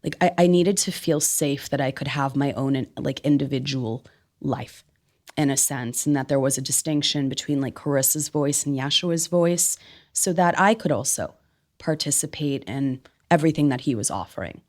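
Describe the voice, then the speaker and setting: A woman guest telling an animated personal story in a conversation, laughing often and filling her speech with "like.". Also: extremely low pitch, moderate pace. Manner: expressive, laughs often, many "like" fillers. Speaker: podcast guest, spiritual medium.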